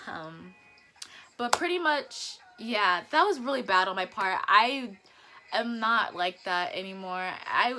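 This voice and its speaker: A teenage girl telling a storytime vlog to a phone camera, chatty and animated, with restarts and giggles. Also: mid-range voice. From northern Virginia, US. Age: teens. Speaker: vlogger.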